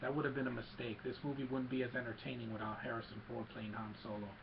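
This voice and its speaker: A man's voice: medium pitch, level tone, fast talker. A man eagerly retelling a film plot in a casual recap, rambling and restarting as he goes, on a dull lo-fi recording with faint hiss. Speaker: film reviewer.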